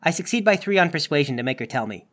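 A man's voice: fairly high pitch, expressive, fast, fairly bright tone, slight background noise. A man playing a tabletop game, goofy and playful in his banter. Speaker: player.

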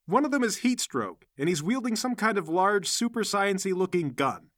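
A man narrating a tabletop game as game master in a lively, comic way. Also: high-pitched, normal speed, no echo, clean studio sound.

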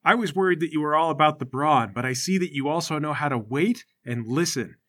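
A man's voice: fairly high pitch, a little fast, a bit bright, close to an everyday voice. A man voicing an eager young sidekick who gushes with earnest admiration. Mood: admiring. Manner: gushing, earnest.

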